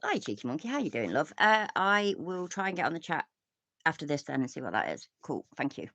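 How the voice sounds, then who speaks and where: English woman, host, gravelly, very lively pitch, swears, rambling, dry recording. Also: brisk, no echo. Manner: rambling, swears often, laughs a lot. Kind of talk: casual reaction commentary.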